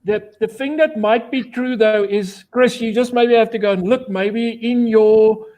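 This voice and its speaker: A man, a guest on a video call, explaining things haltingly with many restarts. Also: high-pitched, fairly even intonation, darkish tone. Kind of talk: casual chat on a video call.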